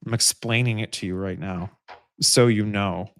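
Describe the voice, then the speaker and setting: A man's voice: fairly low pitch, steady tone, normal speed, slight background noise. Rambling male live-stream commentator. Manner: rambling, many restarts and fillers, emphatic repeats. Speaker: host.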